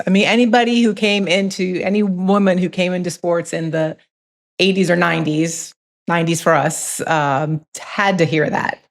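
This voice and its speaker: A woman's voice: fairly low pitch, fairly even intonation, moderate pace. A middle-aged woman hosting a podcast, chatting and reflecting in a casual conversation. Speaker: podcast host.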